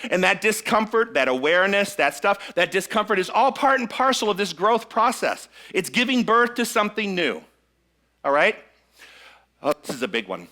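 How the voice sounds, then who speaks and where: Bright-voiced, high-pitched male minister preaching. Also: animated, normal speed. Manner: engages the congregation with frequent check-ins and call-and-response. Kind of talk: sermon. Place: church sanctuary with a live congregation.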